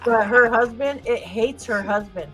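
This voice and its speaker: A woman in casual chat, retelling an anecdote with quick mimicry. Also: a little high, a bit bright, soft background music, low-quality recording.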